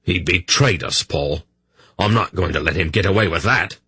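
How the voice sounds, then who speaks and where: A man voicing a betrayed smith who speaks in a dreadfully quiet, cold voice. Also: deep voice, normal speed, breathy edge, no room sound, full character voice. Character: angry, betrayed male smith.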